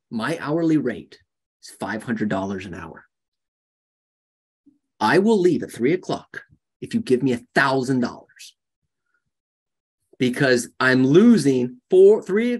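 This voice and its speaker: A man runs a sales training session for a live group. His voice sits in a middle pitch. He jokes with the room and acts out everyday conversations. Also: breathy edge. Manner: animated, jokey, acts out conversations. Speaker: real estate sales coach. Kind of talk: coaching talk to a live group.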